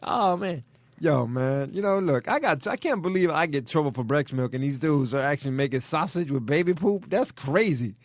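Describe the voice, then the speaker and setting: A man co-hosting a comedy podcast in casual chat, incredulous and quick to laugh, often cutting in with questions. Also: on the high side, expressive, no echo. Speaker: podcast co-host.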